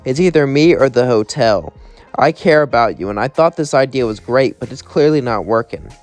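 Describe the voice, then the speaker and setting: A man's voice: mid-range voice, animated, normal speed, faint music behind, lightly acted. Man doing a blunt, fed-up young girlfriend, fan story.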